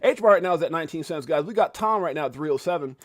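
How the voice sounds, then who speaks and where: Joking animated man hosting a crypto stream. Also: on the high side, rapid-fire, no room sound, studio quality. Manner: joking, animated, swears casually, shouts out viewers. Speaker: crypto livestream host. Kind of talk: casual live market rundown.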